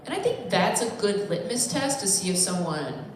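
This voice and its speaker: A woman's voice: medium pitch, very animated, moderate pace. A woman doing a stand-up comedy set in a bar, talking in a rambling, self-deprecating, conversational way. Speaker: stand-up comic. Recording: echoey bar room, faint noise.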